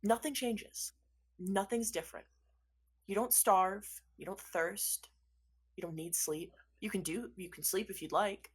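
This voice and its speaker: A woman's voice: medium pitch, measured pace, breathy edge. Woman narrating as game master.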